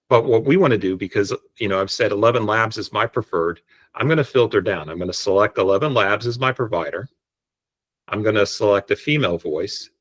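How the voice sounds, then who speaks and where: Man, lowish voice, casual explanatory tutorial talk, video call mic. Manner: relaxed, explanatory, frequent restarts. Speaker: tutorial presenter. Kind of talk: screen-share software tutorial.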